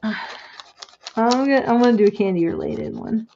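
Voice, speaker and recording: A woman chatting casually as she crafts on a stream, thinking out loud and reading quotes slowly. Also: a little high, animated, muffled recording, a little hiss or hum. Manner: thinks aloud, muttering to herself; reads quotes slowly and deliberately. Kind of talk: casual craft-along chat.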